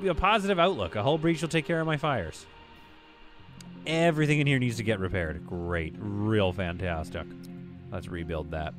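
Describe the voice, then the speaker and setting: A man streaming a game live, giving exasperated, self-mocking play-by-play commentary with sudden outbursts. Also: medium pitch.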